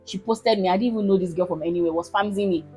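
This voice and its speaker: A woman in her twenties with a Nigerian accent, telling a personal story to her viewers in a casual, animated, emphatic way. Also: mid-range voice, fast, faint music behind, poor audio. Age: 20s. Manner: animated, emphatic, keeps asking listeners if they understand. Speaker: vlogger.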